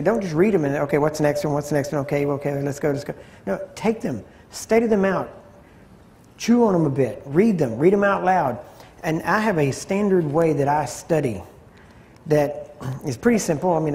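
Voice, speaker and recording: Mellow-voiced man teaching scripture. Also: on the high side. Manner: conversational, repeats phrases for emphasis, clears throat often. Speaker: Bible teacher.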